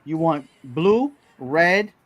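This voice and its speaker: A man hosting a live stream, chatting casually with loud, laughing banter. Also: a little high, expressive, drawn-out words, no echo. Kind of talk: casual chat.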